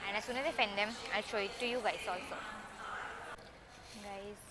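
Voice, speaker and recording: A woman's voice: medium pitch, fairly even intonation, moderate pace, loud music behind the voice. A young woman with an Indian accent, vlogging casually on a phone in an airport terminal and chatting straight to her viewers. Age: young adult. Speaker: vlogger, cadet pilot. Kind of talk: casual travel vlog. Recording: loud airport noise behind voice. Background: loud airport crowd noise.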